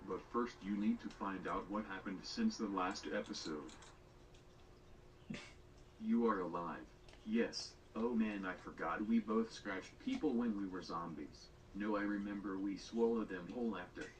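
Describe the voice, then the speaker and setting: A male text-to-speech voice playing cartoon characters in a homemade animated series, speaking without any emotion. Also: fairly low pitch, measured pace. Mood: deadpan. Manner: emotionless, monotone delivery. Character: flat computer-voiced cartoon schoolboys and teachers. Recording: distant playback with clear background noise.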